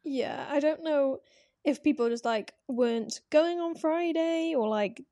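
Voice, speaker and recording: Young woman co-host, high mellow voice, chatty and dry-recorded. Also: a little slow, no echo. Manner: chatty, quoting herself, many fillers. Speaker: podcast co-host. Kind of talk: casual chat.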